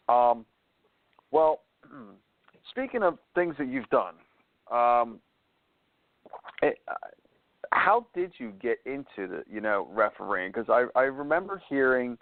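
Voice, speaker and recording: Lively-voiced man on a dry phone line. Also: mid-range voice, creaky, no room sound. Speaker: interview host. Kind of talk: casual phone interview.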